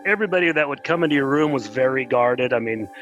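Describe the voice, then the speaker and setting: A middle-aged man, an interview guest, telling a personal story in an earnest, plainspoken way and pausing when moved. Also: mid-range voice, animated, music in the background, low-quality recording.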